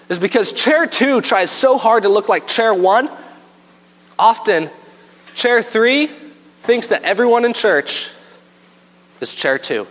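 A man's voice: high-pitched, long reverb tail. A man preaching a sermon in a church, telling stories and acting out scenes with animation. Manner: animated storytelling, acts out scenes. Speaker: pastor.

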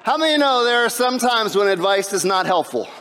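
A high-pitched male pastor delivers an animated sermon, pushing his voice to shouts when he drives a point home. He keeps checking in with the congregation. His voice rings out with the long reverb of a church hall. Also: a little fast. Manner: animated preaching, rises to shouts for emphasis, frequent "right?".

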